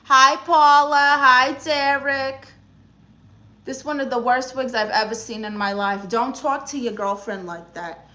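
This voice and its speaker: Woman, young adult, Brooklyn accent, sassy, teasing, bright voice. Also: sits high, fairly even intonation, unhurried. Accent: Brooklyn New York. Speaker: livestream host playing an aunt therapist. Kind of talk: live stream chat reading.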